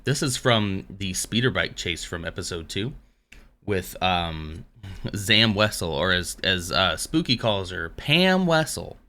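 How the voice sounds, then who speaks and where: A man's voice: low voice, unhurried, sharp tone. A man hosting a casual live stream, rambling along between dad jokes. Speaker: livestream host.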